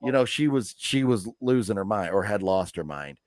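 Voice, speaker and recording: Low-voiced guy rambling through stories on a live stream, um and uh everywhere, dry close mic. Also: expressive, normal speed, no room sound. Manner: rambling, chatty storyteller with many fillers. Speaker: host of a live movie news stream. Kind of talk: casual chat.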